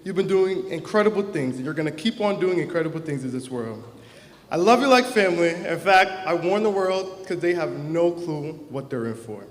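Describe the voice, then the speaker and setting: A man's voice: fairly high pitch, animated, normal speed. A young man, class president, giving an earnest, heartfelt prepared speech at a graduation ceremony into a stage microphone. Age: young adult. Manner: earnest, heartfelt, emotional at times. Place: large hall or auditorium. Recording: echoey hall with long reverb.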